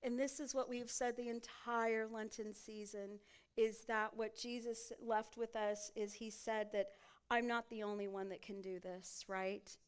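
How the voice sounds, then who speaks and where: A woman's voice: on the high side, level tone, unhurried, smooth. A woman pastor preaching a sermon in a church sanctuary, often turning to the congregation with rhetorical questions.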